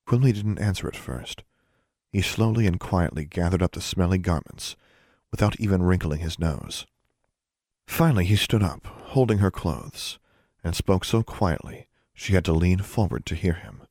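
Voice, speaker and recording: A man narrating a story in a steady, measured way. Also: deep voice, no echo, studio quality. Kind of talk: audiobook narration.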